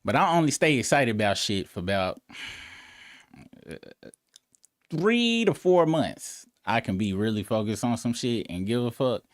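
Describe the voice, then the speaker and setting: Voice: medium pitch, very animated, a little slow, no echo, studio quality. A live-stream host in casual, profane, rambling chat, breaking into incredulous outbursts.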